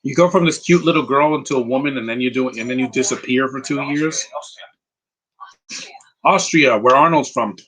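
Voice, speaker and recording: Rambling husky-voiced man. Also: mid-range voice, fairly bright tone, low-quality recording. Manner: rambling, chats with viewers, quick opinions. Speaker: live commentary streamer. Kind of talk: casual live movie commentary.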